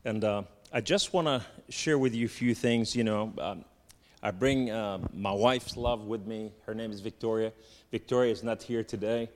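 Lebanese-accented preacher in reverberant hall. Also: male voice, medium pitch, darkish tone. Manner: halting, joking, repeats fillers like "and so therefore". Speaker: guest preacher. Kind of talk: sermon. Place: church sanctuary.

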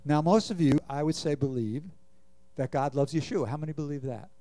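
A man's voice: a little high, brisk, warm tone, dry recording. A man preaching a sermon, earnestly reading scripture and asking the congregation questions. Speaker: pastor.

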